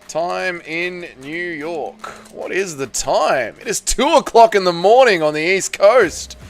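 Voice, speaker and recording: A young Australian man hosts a casual live stream, upbeat and rambling as he chats with his viewers. His voice sits a little high. Soft music plays faintly underneath. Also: slow. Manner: upbeat, greets chat viewers by name, chatty and rambling.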